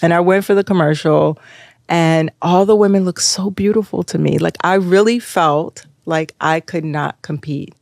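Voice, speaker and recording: A woman in her fifties, a podcast guest telling her story in a lively, casual way and acting out what other people said. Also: lowish voice, normal speed, vocal fry, no room sound, studio quality. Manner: animated, acts out other people's lines.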